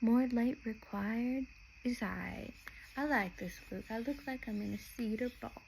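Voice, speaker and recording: This podcast host, a young Nashville, Tennessee woman, has a fairly high voice with vocal fry and speaks at a normal speed; the audio is poor, with slight background noise. She rambles in a chatty way, regularly cutting herself off mid-sentence to restart.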